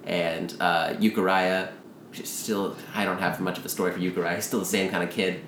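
A man in casual chat who rambles through a story pitch and acts out the characters' lines in quick asides. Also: flat delivery, a bit bright, reverberant, slight background noise.

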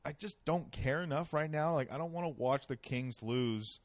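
A man's voice: fairly high pitch, moderate pace, no room sound. A man hosting a podcast in casual chat, rambling loosely with jokes and swearing. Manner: loose, profane, jokey rambling.

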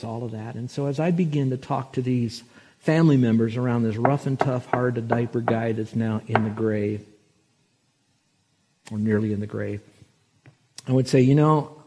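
Husky man preaching a sermon. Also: mid-range voice, warm tone. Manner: storytelling, slows and swells for emphasis on scripture. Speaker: pastor.

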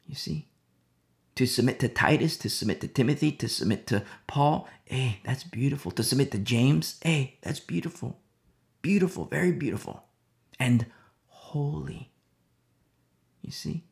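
A man's voice: mid-range voice, lively intonation, a little slow, gravelly, pauses often, darkish tone. A man preaching a conversational Bible teaching, repeating phrases and dropping to near-whispers for emphasis, acting out little mock dialogues. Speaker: pastor.

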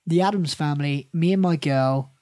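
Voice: mid-range voice, moderate pace, warm tone. A podcast host running a quiz game among friends, playful and laughing often.

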